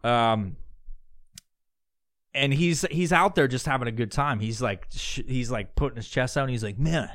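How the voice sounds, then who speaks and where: A man's voice: mid-range voice, normal speed, a bit bright, no room sound. Male podcast host, mid voice, rambling profane storyteller, dry studio sound. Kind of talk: comedic rant and improvised story.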